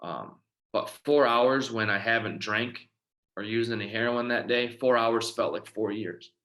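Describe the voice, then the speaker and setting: A man, telling his own recovery story in a halting way, full of fillers and often trailing off quietly. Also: mid-range voice. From Detroit, Michigan. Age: 30s. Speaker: recovery outreach speaker. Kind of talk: personal testimony talk.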